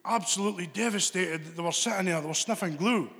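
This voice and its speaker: A man's voice: high-pitched, quick pace, fairly bright tone. A Scottish man doing a stand-up comedy set, chatty and rambling, teasing people in the crowd. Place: live venue with audience. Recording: long reverb from a hall.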